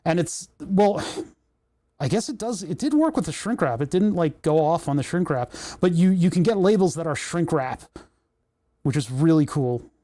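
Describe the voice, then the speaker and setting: In a casual workshop livestream, the host speaks at normal speed in a mellow, expressive voice that sits on the high side. He rambles and chats to himself while fiddling with menus, recorded on a desk mic with no room sound.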